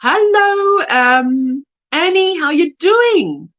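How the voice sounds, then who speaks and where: A South African woman hosts a crochet livestream, greeting viewers one by one and reading their messages aloud. Her voice sits high and swoops up and down, and she takes her time. The recording sounds a little muffled and lo-fi. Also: sing-song, unhurried. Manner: warm greetings, reads chat messages aloud, laughs often. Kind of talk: casual livestream chat reading viewer comments.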